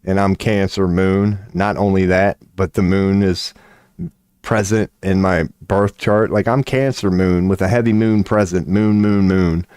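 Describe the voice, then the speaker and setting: This tarot-reading streamer is toothless, with a slight lisp when his mouth is dry, and he rambles, swears and laughs at himself to his chat on a casual livestream. His deep, steady voice is a little slow, darkish, clear and resonant, recorded dry.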